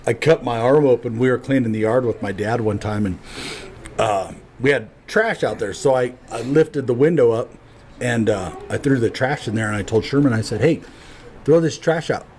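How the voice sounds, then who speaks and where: A man telling rough childhood stories as a podcast guest, swearing freely and acting out what people said. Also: mid-range voice, normal speed, darkish tone. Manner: swears freely, acts out quotes. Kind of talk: casual storytelling.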